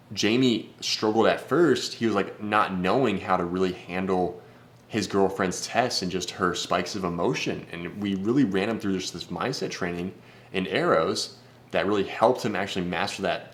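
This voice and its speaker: A man's voice: low voice, moderate pace. A man speaking as a dating coach in a casual vlog, brash, blunt and profane. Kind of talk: casual vlog advice talk.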